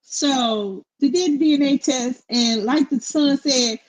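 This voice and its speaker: A middle-aged woman co-hosting casual commentary, blunt and opinionated in a steady, even tone. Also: sits high, unhurried, poor audio. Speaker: co-host.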